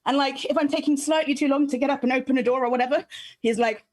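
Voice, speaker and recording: A woman with a high voice, telling a comic story with lots of giggles. She talks in an animated, sweary way. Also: fast. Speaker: comedian panelist. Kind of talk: comedic storytelling on a live stream. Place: at home over a video call.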